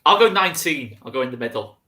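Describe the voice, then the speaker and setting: A man's voice: medium pitch, animated, fast talker, pushed and bright. A man hosting a casual football podcast chat, chatty, often saying "to be fair". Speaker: host.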